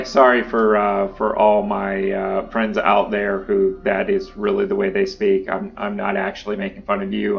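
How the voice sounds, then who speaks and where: A man hosting his own channel, talking through card decks in a casual, relaxed way with lots of uh and um fillers. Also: fairly low pitch, vocal fry, lo-fi sound. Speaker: YouTube channel host. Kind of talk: casual deck-building commentary.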